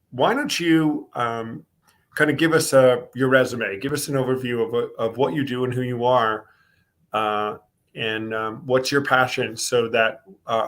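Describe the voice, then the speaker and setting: A Northeastern American man hosts a relaxed online talk show. He chats loosely, rambles a little, and greets viewers one by one in a medium voice. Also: medium pitch. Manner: chatty, greets viewers by name. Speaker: host. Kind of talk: casual online show chat.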